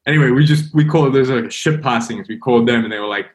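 A man, a podcast guest, telling a story in a casual, animated way, with lots of fillers and restarts. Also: mid-range voice, racing. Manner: animated, rambling, heavy on fillers.

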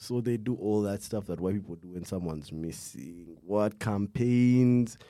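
A man's voice: lowish voice, measured pace, warm tone, no echo, studio quality. A young man telling a true crime story in casual chat, rambling with slang and restarts, stopping now and then to cough. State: coughing fits.

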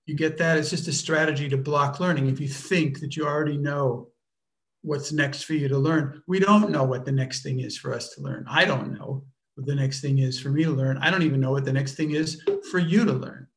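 A man teaching a workshop off the cuff, speaking deliberately and searching for words with frequent restarts. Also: on the high side. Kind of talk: unscripted workshop talk.

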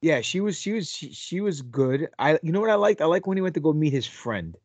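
A man's voice: a little high, big pitch swings, brisk, darkish tone, no room sound. A man co-hosting a podcast, joking crudely in a loose, casual chat about a TV episode. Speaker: podcast co-host.

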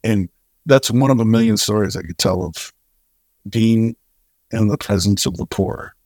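A man guest on an interview show, telling stories in an animated way and acting out the voices of the people in them. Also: normal speed, dry recording, studio quality. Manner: animated, acts out quoted voices with big pitch jumps. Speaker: charity co-founder, guest. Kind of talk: storytelling in an interview.

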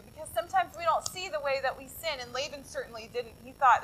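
Bright, high-voiced woman pastor preaching. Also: quick pace, hardly any pauses, slight background noise, poor audio. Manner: conversational, lively retelling with asides to the congregation. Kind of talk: sermon with Bible storytelling.

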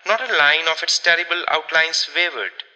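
A man narrating a ghost story in a measured, expressive audiobook reading. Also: fairly high pitch, big-room sound, poor audio.

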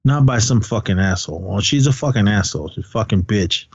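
A middle-aged man from California, chatting on a podcast, telling stories in a profane, animated rant. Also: fairly low pitch, fast talker, breathy edge, dry recording. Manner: profane, ranting, animated storytelling. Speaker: podcast co-host. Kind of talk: casual podcast chat. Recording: dull, dry podcast recording.

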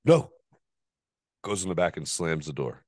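A man hosting a podcast, telling a story in a casual, profane, animated way and laughing often. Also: extremely low pitch, a little fast, no echo, studio quality. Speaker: podcast host.

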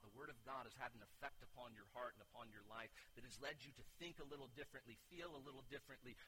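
A man preaching a sermon as pastor, moving from quiet teaching to loud, urgent exhortation and often restarting with repeated words. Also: mid-range voice, a little hiss or hum, rough recording. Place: church sanctuary.

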